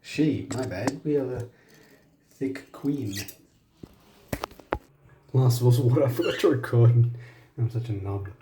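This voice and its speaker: Very deep-voiced woman cooing at birds. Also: takes it slowly, long pauses. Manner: coos at her birds in high baby talk with big pitch jumps. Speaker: pet bird owner filming her budgies. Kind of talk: casual pet vlog chatter. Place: at home with pet birds. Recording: echoey room, steady background noise.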